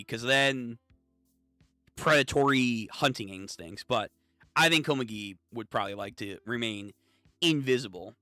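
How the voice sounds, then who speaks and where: Excitable man reading manga aloud. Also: medium pitch, measured pace, no echo, studio quality, soft background music. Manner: excitable, swearing, reads dialogue aloud. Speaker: channel host reading manga. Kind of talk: casual reaction read-through.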